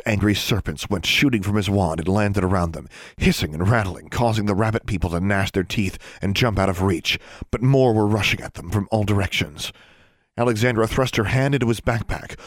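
A man with a low voice reads a fantasy story aloud at an even, steady pace. The recording is dry, with no room sound. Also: a little fast, no room sound. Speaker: audiobook narrator. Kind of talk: scripted narration.

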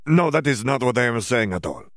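A man voicing an earnest young wizard student, formal and halting. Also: mid-range voice, animated, a bit bright, dry recording, clean studio sound, voice pushed up, close to an everyday voice. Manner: stiff, formal non-native phrasing with hesitations. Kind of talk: audiobook character voice.

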